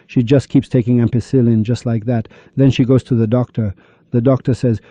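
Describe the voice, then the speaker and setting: A religious speaker gives an impassioned lecture, firing rhetorical questions at his listeners and scolding them. His mellow, medium-pitched voice has fairly even intonation and a moderate pace, on a dull lo-fi recording that's dry, with no echo.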